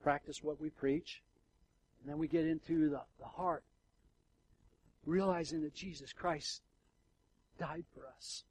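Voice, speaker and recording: A middle-aged male pastor preaching a sermon in a conversational way, swinging from hushed, quiet passages to loud, emotional outbursts. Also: a little high, fairly even intonation, a little slow, pauses often, slightly rough, rough recording. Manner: conversational with fillers and restarts.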